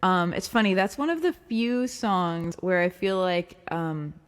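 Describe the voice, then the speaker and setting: A woman's voice: on the low side, measured pace, smooth, in a large hall. A woman from Long Island with a light Long Island accent, a singer-songwriter hosting a livestream, chatting casually with viewers, upbeat and laughing often between ums. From Long Island, New York. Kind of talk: casual livestream chat reading comments.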